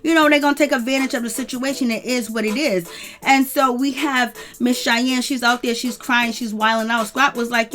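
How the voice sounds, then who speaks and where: A woman talks through a reality TV recap in a loose, opinionated gossip style, filling her talk with casual asides. Her voice sits a little high, and faint music plays quietly under her. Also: fairly even intonation, normal speed. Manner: chatty, opinionated, many "you know" fillers.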